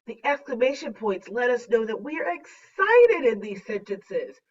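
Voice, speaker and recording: A woman teaching a third grade lesson on a slideshow, speaking slowly and deliberately with a playful teacher manner. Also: a little high, sing-song, husky. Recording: dull, distant lo-fi recording.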